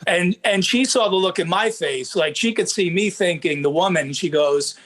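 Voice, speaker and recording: Man with a slightly high voice, telling stories. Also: moderate pace. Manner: animated, punchline-driven. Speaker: comedian guest. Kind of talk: casual storytelling.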